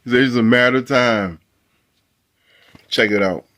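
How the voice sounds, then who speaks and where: A man's voice: medium pitch, unhurried, a bit bright. A man hosting a casual political commentary video, mocking and laughing often. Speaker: video host.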